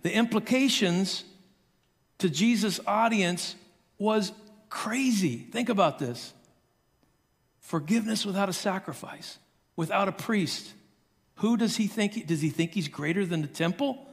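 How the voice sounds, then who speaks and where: A man preaching a sermon, telling the story in an animated way and acting out the voices of the characters. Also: high-pitched, moderate pace, in a large hall. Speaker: pastor.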